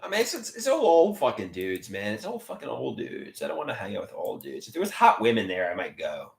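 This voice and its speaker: A man's voice: medium pitch, huge pitch swings, a little fast, vocal fry. A man rambling in a live stream monologue from home, stammering and repeating his words as he mutters to himself. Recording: echoey room.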